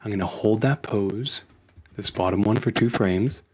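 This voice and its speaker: A man teaching animation in a screen-recorded tutorial, relaxed and thinking aloud as he works. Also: lowish voice, normal speed, noisy background. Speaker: animation instructor.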